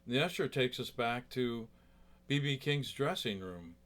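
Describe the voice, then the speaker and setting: A man who plays guitar tells a story in a loose, chatty way. His voice sits at an ordinary middle pitch, and he drifts through fillers and asides as he goes. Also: lively intonation, a little slow, fairly bright tone. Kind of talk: casual storytelling.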